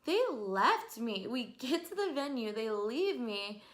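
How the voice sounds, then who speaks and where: A woman in her twenties telling stories to camera in an animated, exasperated way, often breaking into laughs. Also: on the high side, measured pace. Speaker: vlogger. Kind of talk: casual storytelling to camera.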